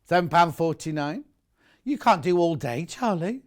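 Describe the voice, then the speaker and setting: A man's voice: a little high, animated, normal speed. A man presenting live shopping television, chatting and bantering with his co-workers. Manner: chatty, bantering, chuckling asides.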